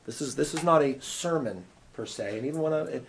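A man teaching a Bible class in church, conversational and animated, often asking his listeners questions. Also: medium pitch, a little fast. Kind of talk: teaching sermon.

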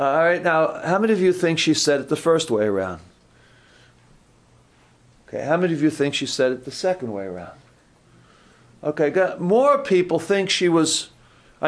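A man's voice: on the high side, expressive, normal speed. A man preaching an informal, conversational sermon, asking the congregation questions, repeating words and correcting himself.

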